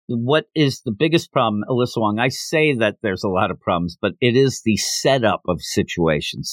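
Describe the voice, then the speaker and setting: A man co-hosting a casual comic book review chat, animated and jumping into mocking voices for the characters. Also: on the low side, no echo. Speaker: podcast co-host.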